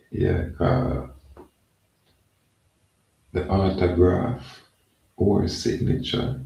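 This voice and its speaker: A man with a Jamaican accent talking in a loose, rambling monologue, often saying "yeah, man". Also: dark tone. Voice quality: gravelly, low and slow. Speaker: channel host. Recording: echoey room, mic at a distance.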